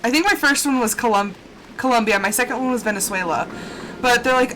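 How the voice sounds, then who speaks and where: A woman streamer chatting casually over gameplay, telling animated stories and acting out quotes in a higher voice. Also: normal speed, background noise. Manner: animated storytelling with high acted quotes. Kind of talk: casual gaming chat.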